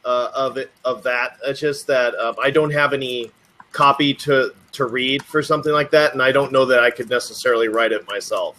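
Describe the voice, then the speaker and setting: A man in a mid-range voice asks a hesitant question in a webinar. He apologizes often and pauses with fillers. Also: mid-range voice, steady tone, bright, forceful tone. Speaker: webinar caller. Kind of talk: casual webinar chat.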